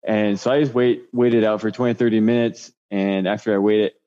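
A man's voice: lowish voice, steady tone, brisk, mellow, clear, resonant tone. A man telling his story as a guest in a casual interview, laid-back and rambling. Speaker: guest recounting a cougar encounter. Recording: dull lo-fi sound.

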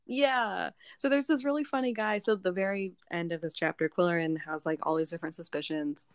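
Low-voiced woman casually recapping a novel. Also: fairly quick, no room sound, studio quality. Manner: rambling, animated retelling with filler words. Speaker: book club podcast co-host.

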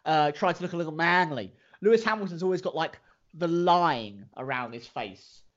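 A man with a high voice co-hosts a casual podcast, playful and rambling, quick to poke fun at himself. The audio is dull and lo-fi. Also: expressive, a bit bright. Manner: playful, rambling, self-deprecating. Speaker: podcast co-host. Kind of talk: casual chat.

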